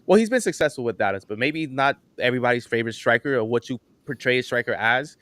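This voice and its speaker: Smooth-voiced man, dry close sound. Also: mid-range voice, expressive, fast talker, fairly bright tone, no echo. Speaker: podcast co-host. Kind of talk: casual sports analysis.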